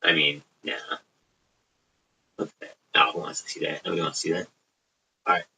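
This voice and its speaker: Low, bright-edged Chicago-accented man. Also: little pitch movement, brisk, gravelly, a little hiss or hum, rough recording. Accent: suburban Chicago. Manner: rambling, profane, offhand. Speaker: livestream host. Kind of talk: casual late-night livestream chat.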